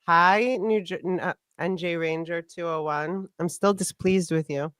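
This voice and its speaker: Chatty teasing woman host, smooth voice. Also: lowish voice, fairly even intonation, fairly bright tone, no room sound, studio quality. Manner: chatty, teasing, fast storytelling. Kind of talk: casual chat on a live stream.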